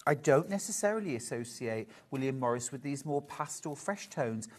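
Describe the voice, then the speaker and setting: A woman's voice: rumbling low, animated, normal speed. A British woman co-presenting a live TV quilting sales show, chatty and gushing.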